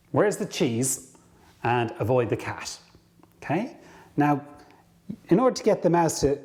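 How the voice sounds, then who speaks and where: A man coaching viewers on career ideas, telling a story to camera, acting out bits of dialogue and slowing down to stress key points. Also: medium pitch. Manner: lively storyteller, acts out dialogue.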